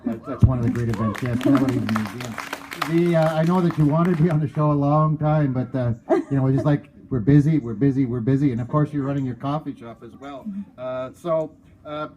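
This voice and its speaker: A man's voice: medium pitch, brisk, a little mellow, slight background noise, low-quality recording. A Canadian man hosting a casual interview on a front porch, friendly and often stumbling over repeated words. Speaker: talk show host.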